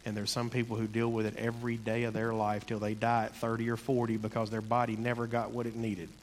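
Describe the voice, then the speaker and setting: A man giving a sermon in an earnest, conversational way, slowing down to stress key points. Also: mid-range voice, completely flat delivery, in a large hall, a little hiss or hum. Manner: earnest, conversational, slows for emphasis. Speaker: preacher.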